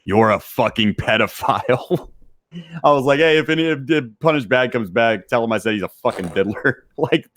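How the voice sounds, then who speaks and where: A man's voice: medium pitch, moderate pace, a bit bright. A man talking as a podcast guest, brash and crude, swearing constantly while answering chat messages. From Texas. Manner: profane, brash, laughing. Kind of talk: crude casual chat reading live chat.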